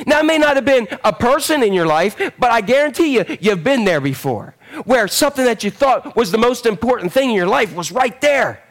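A middle-aged man preaching a sermon as pastor, animated and calling out to the congregation, swinging from loud to hushed. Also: very high-pitched, brisk, hardly any pauses. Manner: calls out to the congregation.

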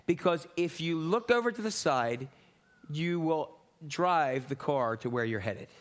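A man's voice: a little high, animated, unhurried. A middle-aged man preaching a sermon in a conversational, rambling way with asides and jokes. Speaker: pastor.

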